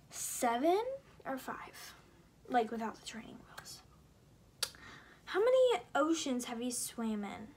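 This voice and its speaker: A young American vlogger from Indiana answers questions in a casual vlog, chatty and giggly and full of fillers. Her voice is a little high and husky.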